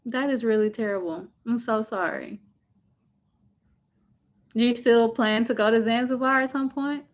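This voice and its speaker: A woman with a voice on the high side chats at a moderate pace on a casual livestream from home. She reads viewer comments and reacts sympathetically, talking loosely with plenty of fillers.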